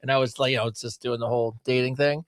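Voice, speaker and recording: A man's voice: mid-range voice, steady tone, rapid-fire, dry recording, clean studio sound. A man in his forties co-hosting a podcast, telling a crude story in casual chat with laughs. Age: 40s. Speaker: podcast co-host.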